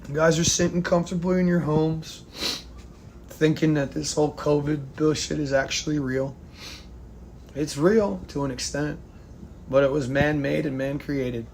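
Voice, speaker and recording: There's a little hiss or hum on the recording as this American vlogger, mid-range in pitch, delivers a profane, angry rant to the camera. He alternates between loud blowups and quiet, nearly whispered remarks.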